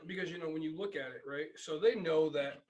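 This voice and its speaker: A man co-hosting a casual podcast, telling stories in a lively way and acting out both sides of the conversation. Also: on the high side, fairly quick, recorded from a distance, lo-fi sound. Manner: animated storyteller who acts out both sides of the dialogue. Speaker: podcast co-host. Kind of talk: casual chat.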